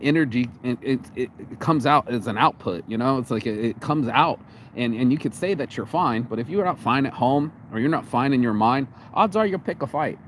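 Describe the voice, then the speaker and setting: An American vlogger talks directly into his phone camera outdoors on a cold day, rambling and swearing freely with an expressive, middling-pitched voice at normal speed. He often restarts and repeats himself, with faint street noise behind him.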